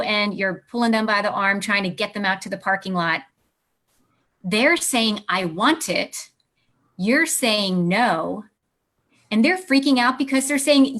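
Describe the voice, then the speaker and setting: A woman's voice: on the high side, unhurried, fairly bright tone. A woman, a parenting author and guest on an interview show, explaining her ideas and acting out little scenes between parent and child. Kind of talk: interview answers.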